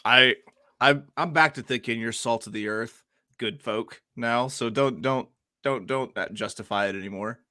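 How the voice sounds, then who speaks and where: A man's voice: mid-range voice, moderate pace, bright, forceful tone, dry recording, studio quality. A man co-hosting a casual podcast, teasing with playful, sarcastic banter. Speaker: podcast co-host. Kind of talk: casual chat.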